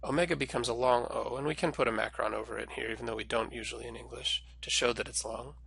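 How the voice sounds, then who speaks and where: A patient man teaching Greek, gravelly and bright. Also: mid-range voice, steady tone, quick pace. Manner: clear, patient, step-by-step teaching. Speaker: Greek language instructor. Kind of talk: recorded lesson.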